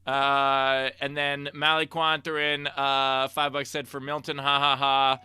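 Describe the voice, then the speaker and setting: A man's voice: fairly high pitch, little pitch movement, a little slow, sharp tone, clear, resonant tone, no room sound, clean studio sound. A man co-hosting a casual comedy show over a video call, reading out viewer tips and messages with self-mocking jokes. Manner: joking, self-mocking, reads donor messages aloud.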